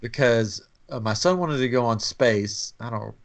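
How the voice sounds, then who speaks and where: A man's voice: medium pitch, measured pace. A man in his thirties co-hosting a podcast, telling a family vacation story in a rambling, chatty way. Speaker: podcast co-host. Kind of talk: casual trip-story chat.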